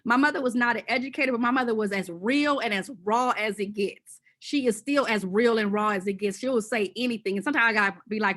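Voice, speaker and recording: A woman educator and former school principal on a panel, telling stories in a lively, colloquial way and acting out her quoted exchanges. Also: on the high side, brisk. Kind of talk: panel discussion storytelling.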